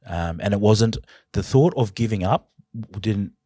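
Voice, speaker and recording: An Australian man, a podcast guest, telling his personal story in an earnest, halting, emotional way. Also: fairly low pitch, animated, warm tone, no echo, clean studio sound.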